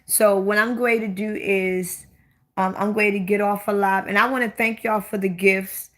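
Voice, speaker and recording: A woman over 25 hosts a casual livestream, speaking at normal speed in a medium pitch with fairly even intonation. Her Baltimore accent comes through as she talks frankly and at length, repeating questions for emphasis.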